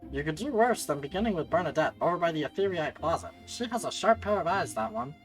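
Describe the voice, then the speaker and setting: A man voicing a woman guild leader in a croaky, sly gremlin voice, reading game dialogue aloud. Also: fairly high pitch, expressive, fast talker, soft background music, lightly acted. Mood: gleeful.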